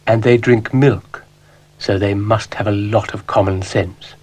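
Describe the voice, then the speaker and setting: A man voicing a refined, motherly female cow in a children's stop-motion show, high and gushing. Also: fairly even intonation, unhurried, darkish tone, slightly rough. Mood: genteel.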